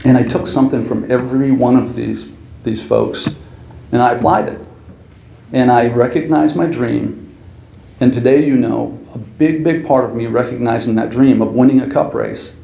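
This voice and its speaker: A man's voice: medium pitch, vocal fry, mellow. A man giving an earnest, story-filled acceptance speech at an awards ceremony, laughing now and then. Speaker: hall of fame inductee. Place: banquet hall. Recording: echoey hall, faint room noise.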